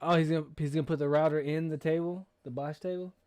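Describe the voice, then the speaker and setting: This is a man hosting a casual livestream who reads chat comments aloud and chats back without hurry. His voice sits a bit high for a man. The sound is dry and close, with no room echo. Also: fairly even intonation, fast talker, a little mellow, smooth. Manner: reads viewer comments aloud and answers them in an easygoing way. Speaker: livestream host.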